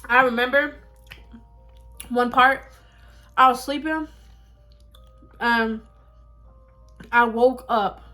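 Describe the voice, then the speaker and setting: A young woman telling a story on her mukbang vlog in a casual, animated, dramatic way, with bursts of laughter. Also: a little high. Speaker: vlogger. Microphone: phone.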